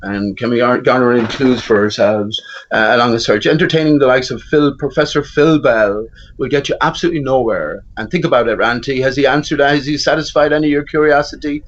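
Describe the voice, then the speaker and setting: A man arguing in a measured, rhetorical way, posing questions. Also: mid-range voice. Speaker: guest debater. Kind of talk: rhetorical argument. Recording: dull lo-fi audio.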